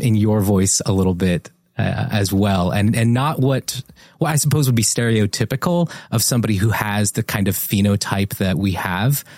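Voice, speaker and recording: A man from New Jersey hosts a casual podcast conversation in a lowish voice. He talks in a thoughtful, measured way and pauses often to find his words. The sound is dry and close. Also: a little mellow, dry recording. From New Jersey, USA. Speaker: podcast co-host.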